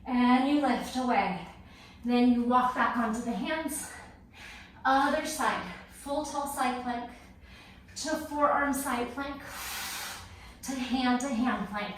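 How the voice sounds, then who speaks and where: A woman's voice: on the high side, slow pace, pauses often. Breathless woman fitness instructor cueing moves. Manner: short, clipped exercise cues. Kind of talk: workout class cueing. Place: home workout space. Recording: echoey room from far off, faint noise.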